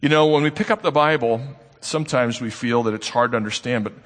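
A male preacher giving a sermon, telling a story with earnest emphasis, sometimes brisk and sometimes slow. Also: medium pitch, a bit bright. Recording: long reverb of a large hall.

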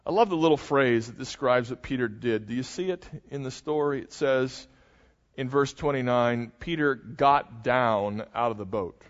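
A man's voice: mid-range voice, moderate pace. Older male pastor preaching in a reverberant church. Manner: animated storytelling, dramatizing the scene. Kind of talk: sermon. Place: church sanctuary. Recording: muffled, long hall reverb.

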